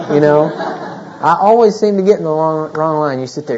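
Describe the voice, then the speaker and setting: A man in his thirties delivers a sermon with a mellow, warm voice and a chatty way of preaching, tossing in "you know?" again and again. The sound is muffled and lo-fi, like an older tape of a church service. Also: on the high side, moderate pace, slight background noise. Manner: conversational preaching with frequent "you know?" asides. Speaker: pastor.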